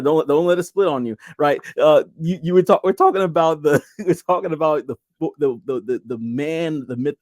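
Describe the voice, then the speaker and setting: A man's voice: mid-range voice, a little mellow, no echo. Dry-sounding enthusiastic male host. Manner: enthusiastic, rambling questions with frequent affirming hums. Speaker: podcast host. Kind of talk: casual interview chat.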